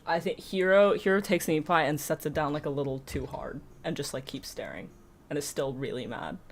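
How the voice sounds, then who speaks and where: A woman's voice: low-pitched, brisk, a little hiss or hum. A woman playing a tabletop game, hesitantly describing what her character does. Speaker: player.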